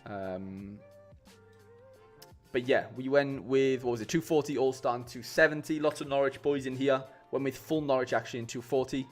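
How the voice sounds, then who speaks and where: A man's voice: mid-range voice, normal speed, faint music behind. A man chatting casually on a live stream, rambling with lots of fillers and restarts and calling his viewers "mate". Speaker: streamer building fantasy football lineups.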